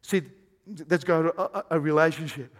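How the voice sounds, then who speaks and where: A man preaching a sermon as pastor, swinging between hushed, intimate lines and loud, emphatic bursts. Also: on the high side, fairly even intonation, normal speed. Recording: long hall reverb.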